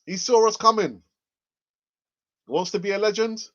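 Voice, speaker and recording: With a high, bright and forceful voice at normal speed, this fan channel host chats casually on a live stream and reads comments. He rambles, says the same phrases over and over, fills gaps with fillers and coughs a bit, all in muffled audio.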